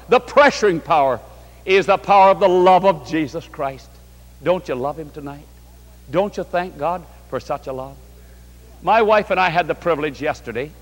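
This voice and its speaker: A man's voice: on the high side, in a large hall. A man preaching a sermon to a large congregation, from New York State, in a fervent, rising and falling delivery. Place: large hall before a congregation.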